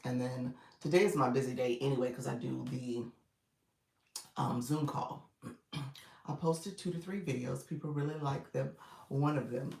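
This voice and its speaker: A woman's voice: a bass voice, steady tone, measured pace, vocal fry, a little mellow, distant mic. A woman coach chatting casually and encouragingly with her livestream viewers, still in her groggy morning voice. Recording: echoey room, away from the mic.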